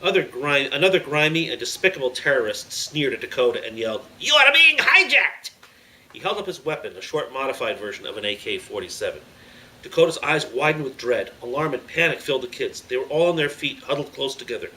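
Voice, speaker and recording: A man's voice: mid-range voice, expressive, fast, sharp tone. A man hosting his own story show, reading a chapter of a children's adventure book aloud dramatically. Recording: slightly distant mic, faint background noise.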